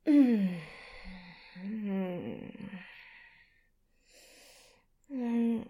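A woman's voice: a little high, expressive, extremely slow, pauses often, dark tone, breathy edge. A young adult woman performing an adult audio role-play, pleading and breathless, sometimes dropping to a whisper.

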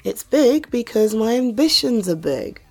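A woman's voice: fairly high pitch, sing-song, a little mellow, soft background music, heavily acted. A woman, acting a confident, wealthy mother who teases and flirts in a listener-directed audio role-play. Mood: playful, bossy. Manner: teasing, self-assured, slow and playful.

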